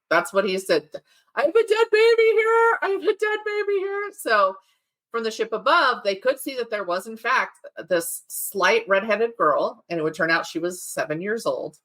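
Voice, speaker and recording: A woman with a lowish, pushed, bright voice hosts a true-crime podcast. She mixes casual chat with telling a case, adding laughing asides along the way.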